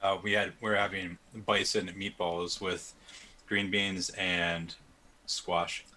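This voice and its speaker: A man's voice: low voice, little pitch movement, slow pace, sharp tone. A man chatting casually with fellow players during a virtual tabletop game, laid-back and joking. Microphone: home microphone on a video call.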